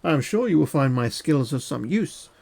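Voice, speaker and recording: A man's voice: a little high, expressive, normal speed, gravelly, darkish tone. A man reading out the lines of a friendly male hunter in a gamebook, in formal old-fashioned speech. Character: jovial male hunter hailing a stranger.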